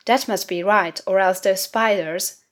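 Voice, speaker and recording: A woman's voice: medium pitch, steady tone, a little slow, fairly bright tone, natural voice. A woman voicing an eager young village boy in a storybook reading, who chatters in a stream of anxious questions. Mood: chattering.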